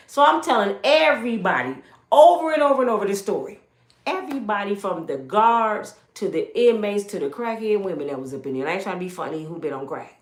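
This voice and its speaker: A middle-aged woman telling a personal story in a casual, animated way, acting out the voices of the people in it. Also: on the low side. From Michigan, United States. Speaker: storyteller giving a personal testimony. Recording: roomy echo.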